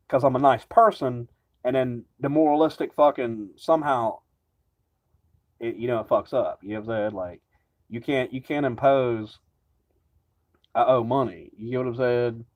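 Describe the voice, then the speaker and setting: A man's voice: medium pitch, moderate pace, long pauses, darkish tone. A man ranting casually to camera, rambling and agitated, swearing constantly. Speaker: vlogger. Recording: dull lo-fi recording.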